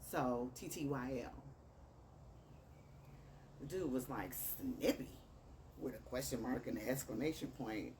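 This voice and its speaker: A woman with a Chicago accent tells a dating story in a low voice, bringing both sides of the texts to life. She sits a little away from the mic, and a steady background noise runs under her talk. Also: measured pace, long pauses, distant mic. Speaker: author telling a dating story. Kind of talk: casual storytelling.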